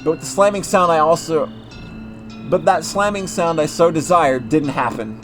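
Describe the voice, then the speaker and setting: A man reading a visual novel aloud in measured first-person narration, sometimes restarting a phrase. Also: on the high side, over music. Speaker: reader.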